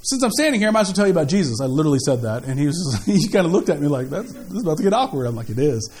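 A man preaching a sermon as pastor, in an animated, jokey, conversational way. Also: a little high, very fast. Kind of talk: sermon with storytelling.

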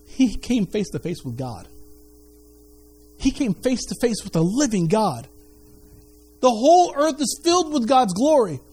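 High-pitched, animated male pastor preaching. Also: a little slow, long pauses, husky, soft background music. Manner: animated preaching with repeated phrases and stammered restarts. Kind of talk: sermon.

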